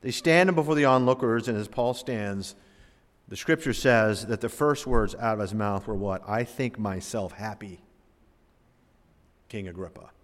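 Guy preaching a sermon in a big echoey church, gets loud then goes real quiet. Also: lowish voice, normal speed. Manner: dramatic, swings between loud emphasis and hushed asides. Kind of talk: sermon reading and expounding scripture. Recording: long reverb of a large hall.

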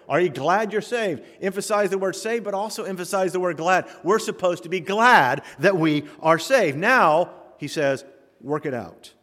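Preaching man in a reverberant church. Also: on the high side. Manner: emphatic preaching with sudden loud rises and quiet drops; reads scripture aloud and comments line by line. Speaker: pastor. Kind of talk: sermon. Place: church sanctuary. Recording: long hall reverb.

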